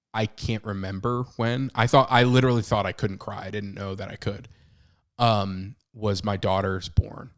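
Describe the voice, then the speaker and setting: A man in his thirties co-hosting a podcast, talking candidly and with animation, swinging between loud and hushed. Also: on the low side. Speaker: podcast co-host. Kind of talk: casual chat.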